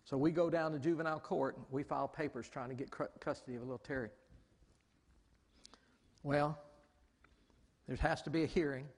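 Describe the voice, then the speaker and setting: A man preaching a lively storytelling sermon in a large church hall, exclaiming often and acting out the people he quotes. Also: fairly high pitch, moderate pace, pauses often. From Southern United States. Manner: animated, exclaims often, acts out quoted voices. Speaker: pastor. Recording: long hall reverb.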